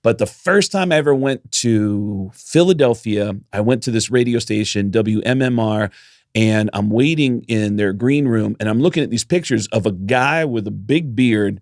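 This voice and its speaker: A middle-aged podcast co-host with a medium-pitched, darkish voice, recorded in studio quality without echo, tells a long story in casual conversation. He imitates the voices of the people he quotes and swears now and then.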